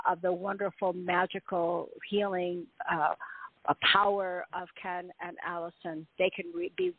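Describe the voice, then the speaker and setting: A woman's voice: medium pitch, no echo. Effusive woman host on a tinny line. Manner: effusive and upbeat, repeats herself. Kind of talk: casual group call. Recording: tinny phone line, dry.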